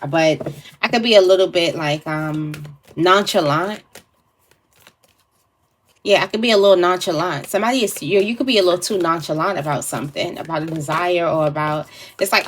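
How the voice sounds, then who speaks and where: Casual female tarot reader with a lower voice, musing aloud in a loose, rambling way. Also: brisk, a little hiss or hum. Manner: meandering, thinks aloud with fillers and restarts. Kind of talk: casual spiritual reading to camera.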